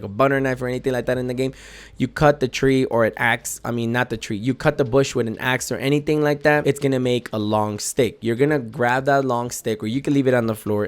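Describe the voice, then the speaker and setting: A man hosting a gaming channel, talking through a casual step-by-step game tutorial in a chatty way and often correcting himself as he goes. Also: mid-range voice.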